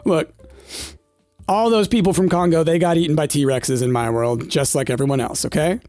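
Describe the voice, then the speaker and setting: A man's voice: fairly high pitch, normal speed, a little mellow, dry recording. A man in his thirties chatting casually while playing a game, rambling and nostalgic with lots of fillers. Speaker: gaming streamer. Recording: dry close mic with faint game music.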